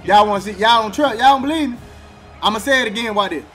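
A man's voice: high-pitched, fast, soft background music. A man streaming a football video game, trash-talking and laughing. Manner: animated trash talk, laughing, slang. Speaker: gaming streamer. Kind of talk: casual game commentary.

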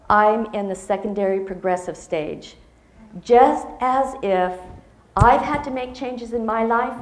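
A woman's voice: a little high, darkish tone, roomy sound. A woman in her fifties giving a motivational speech to an audience, telling a personal story expressively and acting out the dialogue. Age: 50s. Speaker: motivational speaker.

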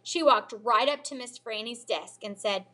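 A woman teacher reading a children's novel aloud in an expressive storytelling manner. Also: a little high, moderate pace. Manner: expressive storytelling, lively character voices.

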